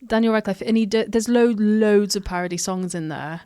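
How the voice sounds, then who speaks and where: A woman's voice: medium pitch, a little fast, mellow, clean tone, no echo. A woman hosting a podcast, chatting casually and encouraging her guest. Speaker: podcast host.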